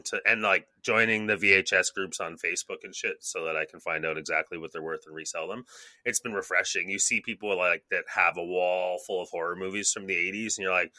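A low-pitched man in his thirties from Canada chats loosely on a podcast, with a bright, forceful edge to his voice. He rambles, swears freely and acts out his own thoughts in little quoted asides. The sound is dry and close. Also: steady tone, brisk, no echo. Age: 30s. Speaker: podcast co-host. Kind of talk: casual chat.

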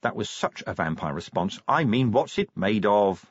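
A man voicing a tetchy, sharp young werewolf woman with a dry, irritable manner in a storybook reading. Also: lowish voice, very animated, moderate pace, husky, highs cut off.

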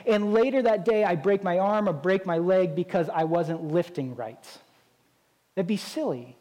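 A man's voice: high voice, a little mellow. A man preaching a sermon as a pastor, in a conversational style with frequent rhetorical "right?" asides.

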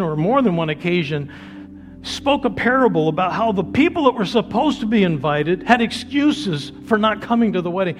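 A man preaching to a church congregation in a fervent sermon, his voice pitched a little high. He stretches key phrases out slowly, then builds to ringing calls. Soft music plays faintly behind him. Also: expressive. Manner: fervent preaching, slowing to drawn-out phrases and rising to loud calls. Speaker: pastor. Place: church sanctuary before a congregation.

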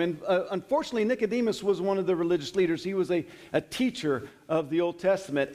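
A middle-aged man teaching a Bible study in a conversational sermon style, slowing down to read verses with emphasis. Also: fairly high pitch, darkish tone. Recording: long hall reverb.

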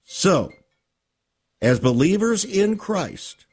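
A man preaching a sermon, slow and emphatic, repeating key phrases, with a slightly husky voice. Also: a little high, very animated, a little mellow, soft background music. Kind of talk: sermon with ministry book offer.

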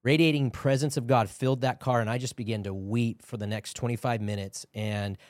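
A man's voice: medium pitch, fairly even intonation, brisk, no echo, clean studio sound. Earnest man telling a faith testimony. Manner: earnest storytelling, building to preaching. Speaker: podcast guest. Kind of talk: testimony and exhortation.

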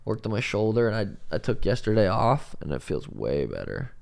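A man's voice: fairly low pitch, a little fast, creaky. A young man hosting a podcast in casual chat, swearing often and acting out quotes. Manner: animated, swears a lot, acts out quotes. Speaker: podcast host.

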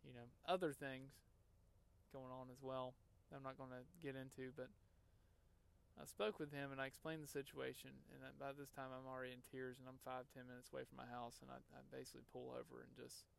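A man hosts a podcast and recounts a personal story in a casual monologue. His voice is gravelly but smooth and resonant, and his pitch stays fairly flat. He talks in an earnest, emotional way, halting and restarting often. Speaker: podcast host.

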